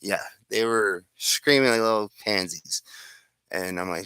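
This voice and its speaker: Deep-voiced man rambling through a story. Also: a little slow, pushed and bright, smooth, dry recording. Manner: rambling, with restarts and asides. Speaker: fan fiction storyteller. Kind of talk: improvised casual storytelling.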